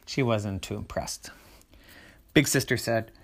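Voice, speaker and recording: A man reading a bedtime story aloud in a soft, hushed voice that often drops to a whisper. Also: fairly low pitch, steady tone, normal speed, gravelly.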